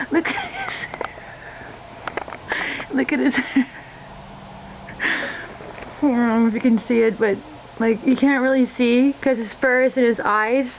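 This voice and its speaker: A woman with a high voice speaks slowly and fondly, cooing to her cat as she films a casual vlog in a hotel room. Her delivery is doting and full of little laughs. The phone recording carries a steady background hiss. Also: dull audio. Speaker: vlogger and cat owner. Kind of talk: casual home-video vlog.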